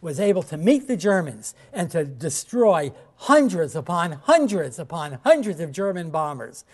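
A man with a fairly high, slightly mellow voice and big pitch swings gives a history lecture to a class. His delivery is halting yet emphatic, with fillers and restarts, and he repeats key points. He gestures to slides and checks in with his listeners along the way.

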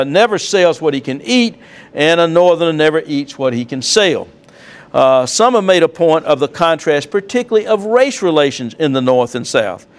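A man giving a classroom lecture with slides, reading from notes and adding casual asides with fillers. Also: a little high.

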